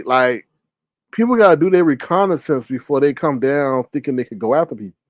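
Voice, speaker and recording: Animated man doing drama commentary. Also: fairly high pitch, no echo. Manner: animated, mocking, storytelling. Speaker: host.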